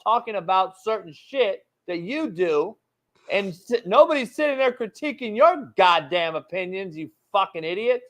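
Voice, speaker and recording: A man hosting a sports talk show, his voice sitting high and cutting. He argues hard and swears freely, pressing every point with loud, emphatic force. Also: lively intonation, moderate pace. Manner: loud, profane, emphatic and combative. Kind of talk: heated sports radio rant.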